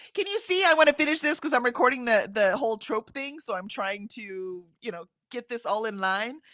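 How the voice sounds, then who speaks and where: Reading out comments on her livestream, a middle-aged Houston, Texas woman rambles and laughs in a casual chat. She has a mid-range, slightly bright voice, and the sound is clean studio audio with no echo.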